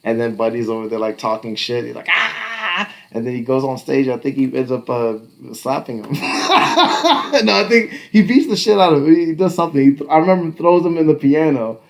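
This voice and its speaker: A man talking on a podcast in a mid-pitched voice. He rambles casually with fillers and restarts, swears freely, and drops into quick impressions of the people he quotes. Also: expressive. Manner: loose and profane, acting out quoted voices, trailing fillers. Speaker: podcast co-host.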